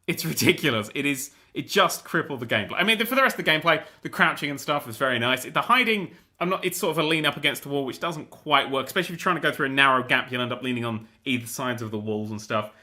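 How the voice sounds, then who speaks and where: A young man hosting a gaming show, ranting in a casual, animated, sweary, exasperated way. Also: medium pitch, quick pace, few pauses. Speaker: gaming host. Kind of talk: casual rant about a video game.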